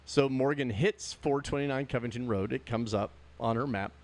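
A man's voice: medium pitch, moderate pace. A middle-aged man co-hosting a casual podcast, telling stories animatedly and laughing often. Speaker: podcast co-host. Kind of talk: casual chat.

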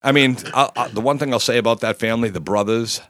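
A man's voice: mid-range voice, fast, a bit bright, dry recording, studio quality. A man in his fifties telling a rowdy, profane story in casual chat, laughing as he goes. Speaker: guest storyteller.

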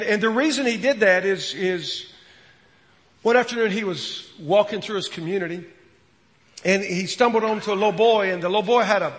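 A man preaching a sermon as a pastor, earnest, repeating words and dropping from loud to hushed. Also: high-pitched, big-room sound.

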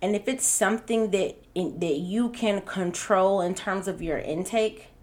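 A woman's voice: medium pitch, measured pace, darkish tone. A woman co-hosting a podcast in casual chat, talking with emphasis and laughing often. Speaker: podcast co-host.

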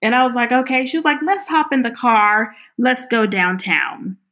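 A woman's voice: fairly high pitch, moderate pace. A middle-aged woman telling her personal story in an interview, acting out the lines of the people she quotes. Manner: animated, acts out quoted dialogue.

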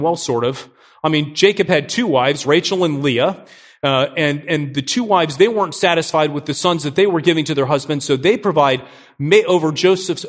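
A middle-aged man preaching a sermon as pastor, energetic and joking, often asking his listeners questions. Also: fairly high pitch.

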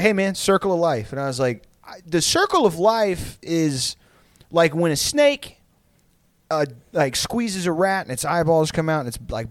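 A man's voice: on the high side, no echo. A young man on a podcast telling a rambling, profane story in casual chat, full of likes and ums. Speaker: podcast co-host.

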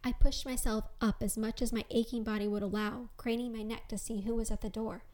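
A woman host reads her own story in the first person, expressive and scripted. Her voice sits somewhat high. Each scene is told with clear, lively storytelling. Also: a little fast. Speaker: podcast host. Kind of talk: scripted narration.

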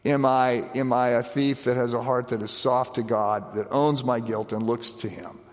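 A man preaching a conversational sermon, animated, with frequent restarts and asides. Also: mid-range voice, moderate pace, big-room sound. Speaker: pastor. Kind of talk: sermon on the stations of the cross.

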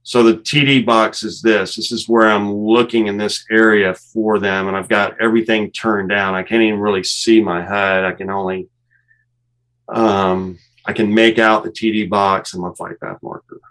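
A man, a former fighter pilot, calmly explaining cockpit footage step by step and laughing at himself now and then. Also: fairly low pitch, normal speed, low-quality recording. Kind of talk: walking through cockpit footage.

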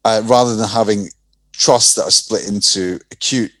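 A man's voice: on the low side, steady tone, normal speed, a bit bright, no room sound, low-quality recording. A man co-hosting a podcast, explaining a structure in an informative way with many ums and restarts. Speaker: podcast co-host. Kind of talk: casual explanatory chat.

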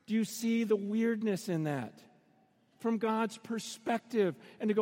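A middle-aged man with a high voice preaches a sermon in an arena. He tells stories and acts out the voices of the people in them, now and then rising to a shout. His words ring out with the long echo of a big hall. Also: moderate pace. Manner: storytelling, acting out voices with sudden shouts. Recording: long reverb of a large arena.

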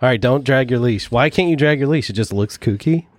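A man hosting a podcast in casual chat, playful and quick to joke and laugh. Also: mid-range voice, expressive, no room sound, clean studio sound. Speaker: podcast host.

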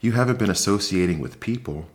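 A worried mother mouse who frets and pleads, always fussing over her children, as a man puts her on. The voice is a soft bedtime-story reading, lifted a little above the reader's own low voice. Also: expressive, fast, natural voice. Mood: scolding. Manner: fretful, pleading.

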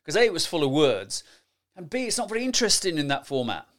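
A middle-aged man gives lively, emphatic podcast advice on presenting, often tagging his points with rhetorical questions. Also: on the high side, fast. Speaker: presentation skills coach. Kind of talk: solo podcast advice talk.

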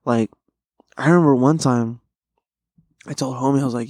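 Speaking at a normal speed, this young podcast host has a medium-pitched, slightly mellow voice. Alone on a close studio mic, he tells rambling food stories full of slang and profanity in a casual solo monologue, and the studio-quality recording has no room sound.

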